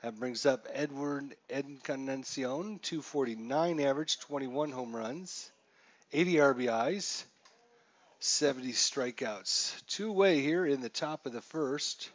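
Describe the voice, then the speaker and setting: A man streaming a baseball simulation, chatting and calling the plays, reeling off stats and getting louder on big hits. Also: medium pitch, measured pace, dull audio. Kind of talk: casual play-by-play commentary.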